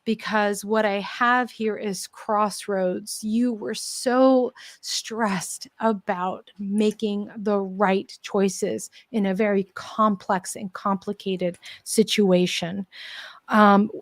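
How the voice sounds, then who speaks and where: A woman giving a live pet mediumship reading, gentle and reassuring, with many fillers and restarts. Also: medium pitch, steady tone, slow, no echo, clean studio sound. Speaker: tarot reader and pet medium.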